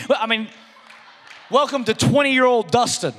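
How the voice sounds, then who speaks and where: A man in his thirties preaching a sermon in a conversational, animated way, with frequent restarts and acted-out quotes. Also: very high-pitched, normal speed, long reverb tail. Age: 30s. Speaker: pastor.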